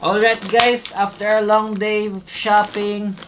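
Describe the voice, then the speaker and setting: A woman's voice: mid-range voice, little pitch movement, measured pace. A woman from the Philippines hosting a casual vlog, chatty and joking about her own pronunciation. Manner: chatty, laughing at own mispronunciations. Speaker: vlogger host. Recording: clear background noise.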